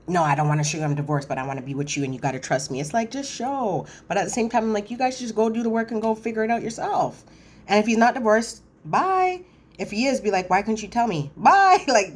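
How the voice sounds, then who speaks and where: A woman casually recapping a reality TV episode, chatty and animated, acting out cast members' lines and correcting herself as she goes. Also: lowish voice. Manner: animated, quotes cast members in voiced asides; chatty, frequent fillers and self-corrections.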